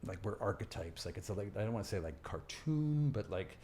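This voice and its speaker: Low-voiced halting man. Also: sing-song, darkish tone, slight background noise. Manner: halting, many restarts and fillers. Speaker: guest, Broadway actor. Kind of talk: casual interview chat.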